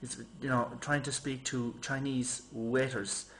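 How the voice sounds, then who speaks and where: A man's voice: mid-range voice, unhurried, slight background noise. A man rambling casually to his camera, telling stories and mimicking people in a raised voice. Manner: chatty, animated storytelling, mimics people in raised voice. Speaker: vlogger.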